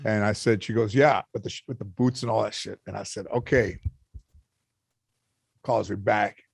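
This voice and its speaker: A middle-aged comedian in casual podcast chat, telling an anecdote with acted-out quotes and plenty of swearing. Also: male voice, on the low side, moderate pace, creaky, pauses often, slightly rough, no echo, studio quality. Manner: animated storyteller, acts out quotes, swears freely. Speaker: comedian guest.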